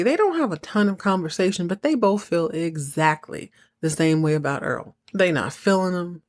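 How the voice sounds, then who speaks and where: A woman with a Southern US accent hosting a podcast, recapping a TV episode in a casual, animated way and acting out characters' lines. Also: low-pitched. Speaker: podcast host.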